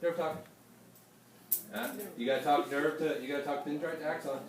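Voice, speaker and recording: Guy teaching a class, animated and hands-on, talking right to the students, roomy echo. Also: fairly high pitch, moderate pace, a crowd in the background. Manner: lively, hands-on, speaks directly to students. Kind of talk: classroom lecture.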